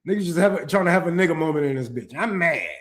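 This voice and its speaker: Animated and rapid-fire, a young man tears through a profanity-laced rant, full of stumbles and restarts. He veers from shouting outbursts down to low mutters as the monologue goes on.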